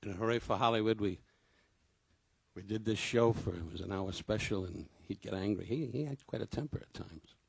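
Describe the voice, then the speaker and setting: A man's voice: lowish voice, moderate pace, creaky, slightly rough, no room sound. An older man, a comedian, giving a rambling, self-deprecating memorial tribute full of anecdotes.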